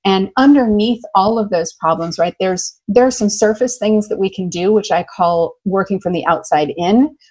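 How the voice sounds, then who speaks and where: An American woman working as a love coach, telling stories in an enthusiastic, expressive way during an interview. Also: medium pitch, normal speed, hardly any pauses, poor audio. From United States. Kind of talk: conversational interview.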